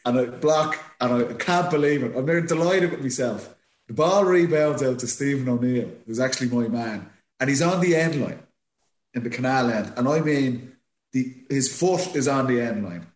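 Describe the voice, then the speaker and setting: An Irish man in his thirties with a mid-pitched voice, cohosting a podcast. He tells stories in a lively, anecdotal way, and his voice carries a roomy echo. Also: moderate pace. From Ireland. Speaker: podcast co-host, former footballer. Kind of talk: casual chat.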